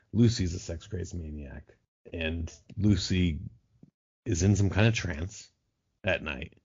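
A man's voice: low-pitched, darkish tone, slightly rough, dull audio. A man talking as a podcast guest, riffing in a profane, sarcastic way in casual chat.

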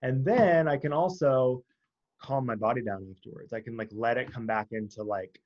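Guest guy, mid pitch, earnest explainer, muffled lo-fi line. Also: moderate pace. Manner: earnest and explanatory, with filler words. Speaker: guest, breathwork coach. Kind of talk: casual conversational interview.

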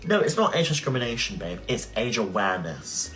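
A man's voice: on the low side, sing-song, fairly quick, fairly bright tone. A man, ranting heatedly and indignantly on a livestream and swearing often. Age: 20s. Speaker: social media creator on a livestream. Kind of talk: emotional livestream rant.

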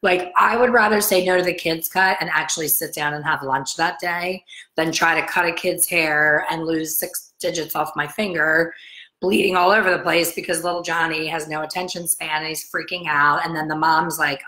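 A middle-aged salon owner talks straight to camera in a casual, blunt, motivational way. Her voice sits low but comes out bright and forceful. She is chatty and animated, and she acts out the people she quotes. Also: moderate pace, poor audio. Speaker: salon owner and hair colorist coach.

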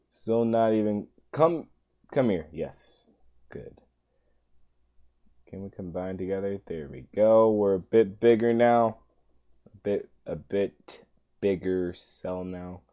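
A man giving let's play commentary on a game, talking to the screen, coaxing and pleading over and over, with sudden high exasperated outbursts. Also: dark tone, muffled recording. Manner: talks to the game, pleading and coaxing with lots of repetition; exasperated outbursts, voice jumping high when upset. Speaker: gaming channel host.

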